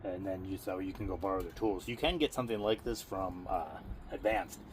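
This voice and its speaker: Recorded on a camera mic outside his driveway garage, a home mechanic vlogger pokes fun at himself while working on his vehicle, panting from the effort. He has a deep voice and talks a little fast, with slight background noise.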